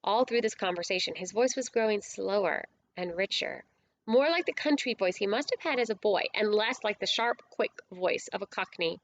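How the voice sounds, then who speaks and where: A woman reading a storybook aloud as an audiobook narrator, with clear, steady storytelling. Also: mid-range voice, moderate pace, a little hiss or hum.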